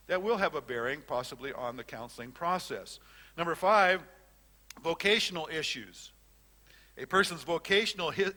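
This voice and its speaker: Older male lecturer, bright and forceful tone, a little high, loose conversational teaching with restarts. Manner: conversational, repeats words and restarts, fillers. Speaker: Bible teacher. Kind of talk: classroom lecture on counseling.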